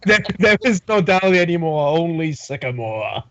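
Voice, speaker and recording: Excitable giggly woman chatting over a game stream, voice jumps all over, dull dry call audio. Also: fairly low pitch, moderate pace. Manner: giggly, excitable, laughs often. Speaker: tabletop game player. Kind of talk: casual chat on a game stream.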